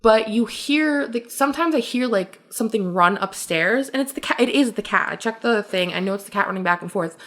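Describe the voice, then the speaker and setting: A woman co-hosting a podcast, telling stories in a casual, animated way with frequent laughter and lots of fillers. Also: a little high, brisk, hardly any pauses. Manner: animated storyteller, laughs often, many fillers. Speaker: podcast co-host. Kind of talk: casual chat.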